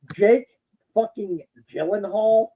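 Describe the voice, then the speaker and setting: A young man co-hosts a podcast, chatting casually while watching wrestling, laughing a lot, joking, and doing crude, animated impressions. His voice is high-pitched, slow, and breathy-edged, and the recording sounds muffled.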